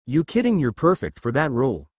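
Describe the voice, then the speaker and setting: A man voicing an encouraging teenage schoolgirl in a much higher voice. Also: wildly swooping pitch, fairly quick, breathy edge, no echo, clean studio sound.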